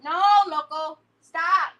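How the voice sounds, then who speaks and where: A woman's voice: high-pitched, fairly even intonation, slow, pushed and bright. A woman hosting a crafting livestream in casual chat, playfully teasing and fondly scolding a pet while she works.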